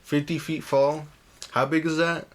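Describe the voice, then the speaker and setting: A man's voice: fairly high pitch, little pitch movement, measured pace, a bit bright, a little hiss or hum. A man co-hosting a casual book-discussion podcast, dropping short joking interjections. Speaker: podcast co-host.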